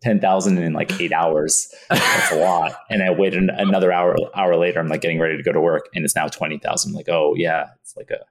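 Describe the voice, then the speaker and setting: Low husky fast-talking man telling a story. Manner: animated storyteller who acts out his own past thoughts and laughs often. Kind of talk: casual anecdote in an interview.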